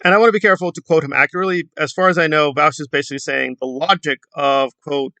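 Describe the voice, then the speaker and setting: A man with a bright, forward voice and a slightly raised pitch talks through commentary in a rambling, hesitant way. His sound is dry and close, with no room around it. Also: steady tone, fast talker, no room sound. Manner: rambling, hesitant, with frequent fillers. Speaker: commentary YouTuber. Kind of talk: casual commentary.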